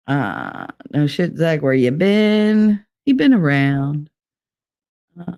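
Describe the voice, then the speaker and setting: A woman's voice: fairly low pitch, very animated, normal speed, gravelly, a little mellow. Chatty middle-aged woman live-streaming. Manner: rambling and chatty, with frequent laughs and fillers. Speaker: live streamer reading chat. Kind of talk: casual live-stream chat. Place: sparsely furnished room with bare walls and no curtains.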